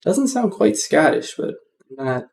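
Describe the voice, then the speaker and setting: A man's voice: a little high, big pitch swings, unhurried, a little mellow, a little hiss or hum. A man hosting a casual coding tutorial, rambling with many ums and self-corrections.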